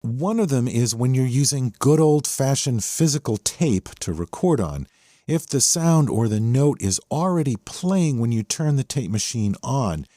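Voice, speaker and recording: A man's voice: medium pitch, mellow, no room sound, studio quality. A man hosting a podcast, enthusiastically explaining a song section by section. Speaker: podcast host. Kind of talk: song breakdown commentary. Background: the song playing underneath.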